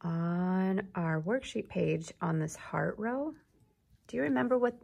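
A woman's voice: on the low side, unhurried, creaky, a little mellow, husky. A woman teacher giving a patient phonics lesson to young children, drawing out and sounding out words.

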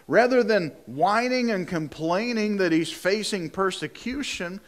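A man's voice: high-pitched, a bit bright. A male pastor preaching a sermon in a conversational way, often repeating words and asking rhetorical questions.

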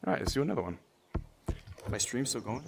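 A man streaming a VR game, commentating loudly, shouting and laughing as he plays, a bit out of breath. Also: mid-range voice, animated, quick pace, vocal fry, background noise. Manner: hyped, shouting and laughing while playing. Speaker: gaming livestreamer. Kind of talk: excited livestream commentary.

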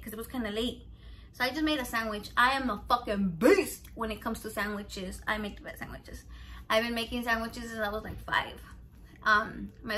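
A woman's voice: fairly high pitch, pushed and bright, slight background noise. A woman in her thirties cooking at home, telling rambling, profane stories and mixing in Spanish words. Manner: rambling, profane, chatty storytelling; mixes Spanish words into English. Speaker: cooking vlogger. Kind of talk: casual cooking vlog chat.

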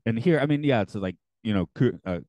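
A man co-hosting a podcast in casual chat, relaxed and rambling with a wry humor. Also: fairly low pitch, a little fast, dry recording. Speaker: podcast co-host.

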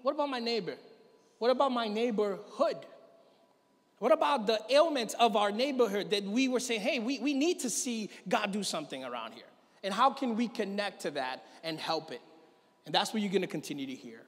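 A man with a high-pitched voice preaches to his congregation, retelling a story with lively energy and acting out its characters. His voice rings out with a long reverb from the church hall. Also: a little fast. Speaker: pastor. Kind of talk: sermon.

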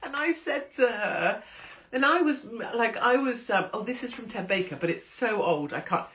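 A woman's voice: fairly high pitch, lively intonation, normal speed, fairly bright tone. A woman hosting a casual livestream, chatty and rambling, swearing freely. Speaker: host.

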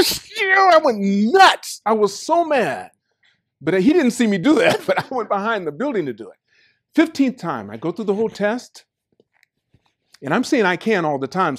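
Animated older American man telling stories. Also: sits high. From United States. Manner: lively, swings from quiet asides to loud outbursts, laughs often. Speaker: company staff talk speaker. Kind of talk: animated storytelling talk. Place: meeting room with staff.

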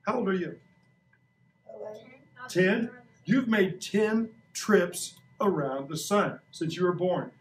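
A man's voice: high-pitched, expressive, slow, pauses often. Playful man in his sixties teaching. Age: 60s. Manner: playful, joking, asks kids questions. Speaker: science teacher. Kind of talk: classroom science demo. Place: school classroom. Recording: echoey classroom recorded from a distance.

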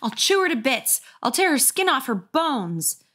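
A girl turned menacing under a monster mask, snarling and growling her threats, as a woman reading aloud plays her. The voice stays close to the reader's own, only a little rougher in intent. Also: high voice, big pitch swings, normal speed, a bit bright, voice pushed up, exaggerated voice.

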